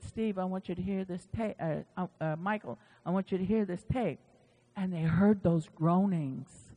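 A preacher giving a sermon in a church, animatedly retelling stories with quoted dialogue. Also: medium pitch. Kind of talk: sermon storytelling. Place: church sanctuary. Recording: long church-hall reverb.

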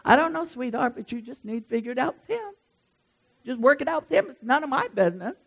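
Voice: high-pitched, fast talker, vocal fry, husky. Emphatic pastor. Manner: lively, emphatic, talks straight to the congregation. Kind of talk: sermon.

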